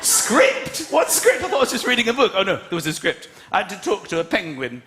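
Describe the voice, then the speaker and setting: Animated high-pitched male stand-up comic. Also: racing, noisy background. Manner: animated, exasperated storytelling with acted-out voices. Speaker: stand-up comedian. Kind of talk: stand-up routine. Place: large theatre stage. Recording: echoey theatre with loud audience laughter. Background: audience laughing.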